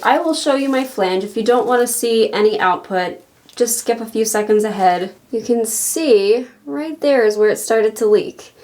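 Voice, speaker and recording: A woman's voice: medium pitch, a little mellow. A woman vlogging in casual chat to the camera, chatty and rambling with frequent small laughs, a little out of breath.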